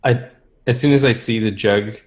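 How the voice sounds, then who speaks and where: A man playing in a tabletop game, loud and theatrical. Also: on the low side, moderate pace. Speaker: player. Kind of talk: casual tabletop play.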